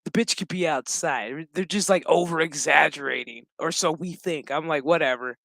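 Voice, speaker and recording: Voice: medium pitch, normal speed, vocal fry, no room sound. A speaker casually recapping a show episode, swearing freely in slang. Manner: profane, slangy, animated storytelling.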